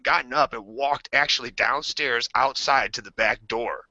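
A man on a podcast telling stories casually, animated and swearing freely, acting out screams and voices as he goes. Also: medium pitch, moderate pace, no room sound. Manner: swears freely, restarts sentences. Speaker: podcast co-host. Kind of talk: casual storytelling among friends. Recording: dry, dull lo-fi podcast audio.

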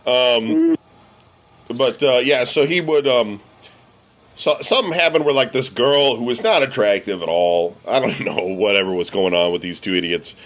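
A man's voice: mid-range voice, very animated, moderate pace. Rambling man telling a party story. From US Midwest. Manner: rambling, heavy fillers and profanity. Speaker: podcast regular. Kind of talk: casual storytelling among friends.

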